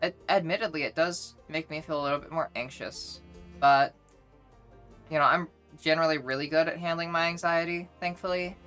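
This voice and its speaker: A woman's voice: low-pitched, fairly even intonation, fairly quick, fairly bright tone, faint music behind. A woman streamer chatting casually with her viewers, rambling along with many restarts.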